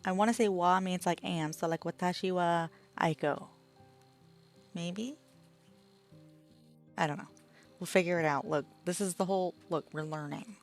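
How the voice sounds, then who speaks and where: An Australian woman streams a game, reading each line of on-screen lesson text aloud in a fairly low voice. She breaks off to chat with her partner off to the side, and soft game music plays underneath. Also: fairly even intonation, moderate pace, pauses often.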